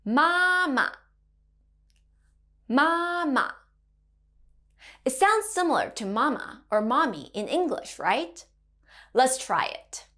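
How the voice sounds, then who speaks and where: A woman in her thirties teaching Mandarin to children, gentle and encouraging, modelling sounds in a sing-song way. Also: high-pitched, very animated, measured pace. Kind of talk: children's language lesson.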